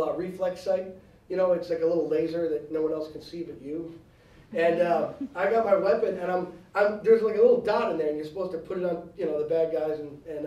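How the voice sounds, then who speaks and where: A man's voice: sits high, mellow, reverberant, far from the mic, rough recording. A man giving a blunt, joking and combative speech to students at a university. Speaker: guest speaker. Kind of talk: animated campus speech. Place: university lecture hall.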